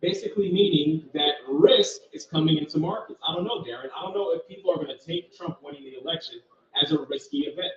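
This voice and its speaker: A man's voice: on the high side, fast talker, a bit bright. Man, live market commentary, casual and direct, dull lo-fi sound. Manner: casual, talks to viewers directly, thinks aloud. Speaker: trading channel host. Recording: roomy, distant, dull sound.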